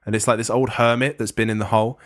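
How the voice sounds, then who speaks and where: A man's voice: fairly low pitch, level tone, quick pace. A man co-hosting a casual movie podcast, talking loosely and swearing often. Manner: loose, swears a lot, chuckles between jokes. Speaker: podcast co-host. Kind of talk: casual chat.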